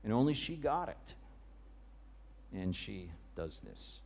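A male preacher giving a sermon, retelling a scene with dramatic, vivid storytelling that often drops to a hush. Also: lowish voice, big pitch swings, slow, creaky.

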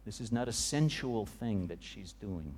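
A male preacher giving a sermon, retelling a scene with dramatic, vivid storytelling that often drops to a hush. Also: on the low side, expressive, measured pace, slight background noise.

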